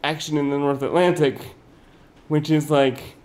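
Man, slightly higher voice, animated, chatty, casual film podcast talk. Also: a little slow, a little hiss or hum. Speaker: podcast co-host. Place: indoor podcast recording.

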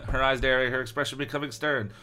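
A man reading a children's horror book aloud on a comedy podcast, joking and laughing along. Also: mid-range voice. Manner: joking, animated, quick to laugh.

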